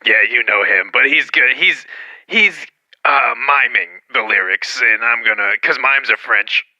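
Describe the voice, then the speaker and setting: A ditzy female pop star , as a man puts her on, rambles over a muffled phone line, tripping over her own plans. The voice is gravelly with a bright, edgy top. She keeps pushing herself forward in the chat. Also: mid-range voice, a little slow, no room sound. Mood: chatty. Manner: rambling, self-promoting, loses the thread. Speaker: prank caller.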